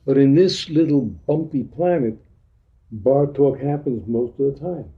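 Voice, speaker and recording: A man's voice: mid-range voice, measured pace, phone-quality sound. A man giving an informal teaching talk to a group in a meeting room, blunt and full of street slang, acting out little dialogues. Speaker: spiritual teacher.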